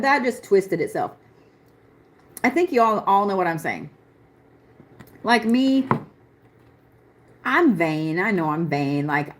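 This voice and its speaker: A young adult woman doing a live astrology reading, talking bluntly, swearing and laughing often as she speaks. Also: mid-range voice. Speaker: astrology reader. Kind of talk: live-stream chart reading.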